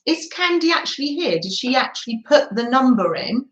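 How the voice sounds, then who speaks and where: A woman's voice: high-pitched, sing-song, moderate pace, reverberant, highs cut off. An English woman hosting a live crafting stream, chatting to viewers in a gushing way with frequent little laughs. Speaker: craft livestream host.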